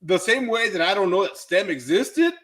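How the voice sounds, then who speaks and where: A man's voice: high-pitched, lively intonation, normal speed, fairly bright tone. A man who is a teacher, talking as a podcast guest in earnest, casual chat, repeating words and saying "dude".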